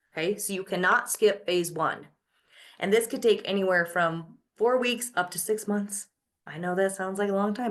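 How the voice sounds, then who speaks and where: A middle-aged woman leads a live online class with a mid-pitched voice. She coaches steadily, posing questions and answering them herself. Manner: coaching, asks and answers her own questions. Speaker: host.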